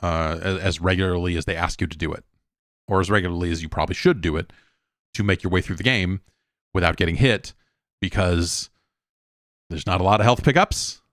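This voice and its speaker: Low-voiced man rambling through a game review. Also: a bit bright, no room sound, studio quality. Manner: rambling, conversational, lots of restarts and asides. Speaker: show host. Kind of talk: casual solo game review talk.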